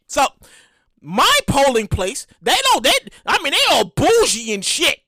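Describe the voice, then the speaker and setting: A woman with a New York accent hosting a podcast, telling stories in a casual, animated, profane way with exaggerated reenactments. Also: sits high, unhurried, husky, no echo. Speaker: podcast host. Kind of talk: casual storytelling monologue.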